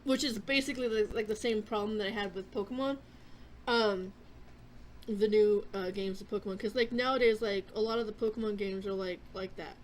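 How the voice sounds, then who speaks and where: A young adult woman hosting a gaming channel vlog chats casually and ramblingly, full of fillers and restarts, while chewing a cough drop. Her mid-range voice is fairly quick with fairly even intonation, and a little hiss or hum is audible.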